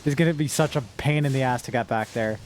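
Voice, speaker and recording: A woman's voice: a bass voice, quick pace, a little mellow, soft background music. A woman streamer chatting casually with her viewers while gaming, rambling and emotional, with sudden frustrated outbursts.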